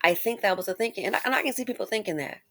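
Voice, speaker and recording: Speaking rapid-fire in a creaky, medium-pitched voice, a woman hosts a casual commentary monologue. She's animated and talks directly to viewers, with plenty of exclamations and rambling asides.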